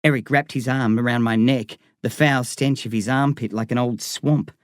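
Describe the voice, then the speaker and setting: A man narrates a novel in a measured, vivid reading voice of middling pitch. The recording is close-miked and dry, with no room sound. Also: steady tone, no room sound. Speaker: audiobook reader. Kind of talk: scripted narration.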